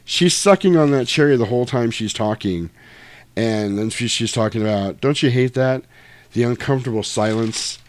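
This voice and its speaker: A man's voice: mid-range voice, normal speed, no echo. A man in casual chat, retelling a film scene, acting out the dialogue and swearing freely.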